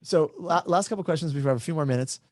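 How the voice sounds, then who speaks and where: A man's voice: a little high, dry recording, clean studio sound. A man moderating a casual discussion as a real estate agent, explaining ideas through examples and checking in with "right?". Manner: brisk, explanatory, keeps adding "right?".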